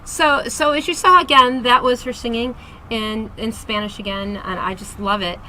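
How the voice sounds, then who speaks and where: Woman host, chatty, upbeat, advice-giving, bright tone. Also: on the high side, steady tone, moderate pace, a little hiss or hum, poor audio. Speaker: host and singing teacher. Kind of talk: casual interview chat. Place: Las Vegas.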